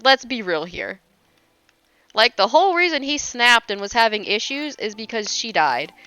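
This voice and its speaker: A young woman streamer talks casually as she plays, gushing and teasing herself, with a lively, swooping voice. Her tone is bright and crisp, and it sounds dry and close. She laughs often and swears lightly. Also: fairly high pitch, normal speed, no room sound. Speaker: livestreamer. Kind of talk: casual chat while gaming.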